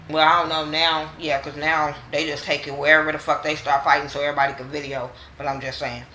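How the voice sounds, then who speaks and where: A woman's voice: sits low, steady tone, fast, few pauses, bright, forceful tone, slight background noise. A young woman vlogger giving a blunt, sassy, profane recap of a reality show episode. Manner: blunt and sassy, acts out quotes. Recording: echoey room.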